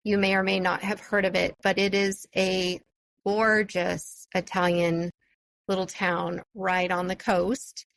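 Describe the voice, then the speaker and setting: A woman's voice: fairly low pitch, flat delivery, measured pace, creaky, fairly bright tone, no echo, low-quality recording. A woman hosting a solo podcast, telling a personal story in a chatty, enthusiastic way with frequent fillers. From California. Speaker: podcast host.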